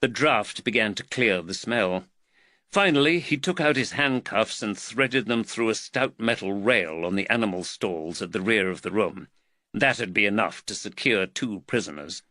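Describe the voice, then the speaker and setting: A male audiobook narrator reading with measured, expressive storytelling. His voice is bright and his intonation lively. The recording is dry and close to the mic. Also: on the low side, no room sound. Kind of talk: scripted narration.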